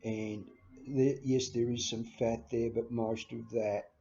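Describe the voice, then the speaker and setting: A man hosting his own vlog, talking in a halting way with many restarts and stammers and sounding emotional. He records on a handheld camera. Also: medium pitch, level tone, warm tone. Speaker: channel host. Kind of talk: casual farewell vlog. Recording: slightly dull lo-fi recording.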